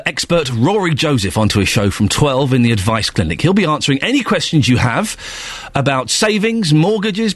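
Playful, husky-voiced radio host man. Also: a little high, no room sound. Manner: playful, animated, jokey. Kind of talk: radio phone-in hosting.

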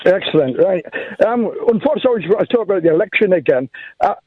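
A man's voice: high-pitched, lively intonation, fast, husky, no echo. A man calling a radio phone-in from a parked car, earnest and despairing as he talks. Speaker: caller. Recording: tinny phone line from a car.

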